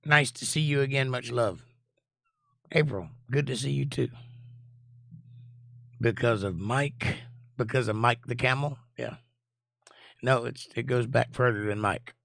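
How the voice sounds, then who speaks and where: In a casual live chat stream, a hoarse man reads viewers' messages aloud and cracks jokes in a laid-back way. His low, rough, gravelly voice is nearly gone, and he speaks a little slowly with frequent pauses. The recording is dry and close, with no sense of a room around him.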